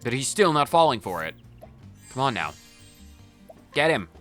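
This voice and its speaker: A man's voice: mid-range voice, sing-song, normal speed, a bit bright, faint music behind. A man hosting a video game playthrough with casual, jokey, rambling commentary. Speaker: gaming channel host.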